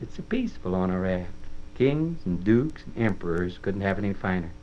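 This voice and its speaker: A man reading aloud and voicing a kindly, simple, earnest runaway man in a soft rustic drawl, on a dull old record. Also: sits low, lively intonation, normal speed, slight background noise, pitched below the performer's own voice. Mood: wondering.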